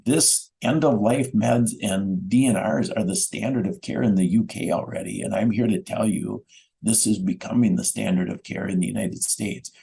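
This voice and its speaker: A man's voice: on the low side, moderate pace, gravelly, mellow, low-quality recording. A middle-aged man speaking as a guest in a radio interview, giving a methodical, earnest account that lists times and doses. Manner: earnest, insistent. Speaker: guest, bereaved father.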